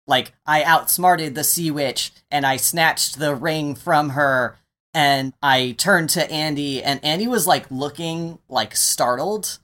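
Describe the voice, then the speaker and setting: A man's voice: on the high side, slow pace, sharp tone. A man telling a personal story in a casual, conversational interview.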